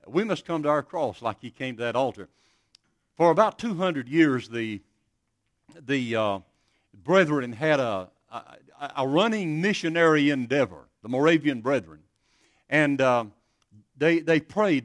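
An earnest male preacher delivering a sermon, speaking at a middle pitch. He tells stories in a halting way, often restarting his phrases. The sound is dry and close. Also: dry recording. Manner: earnest, storytelling with many restarts.

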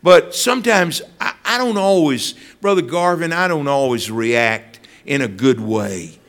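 A man's voice: fairly high pitch, a little slow, fairly bright tone. A man preaching a sermon, telling stories and addressing listeners by name.

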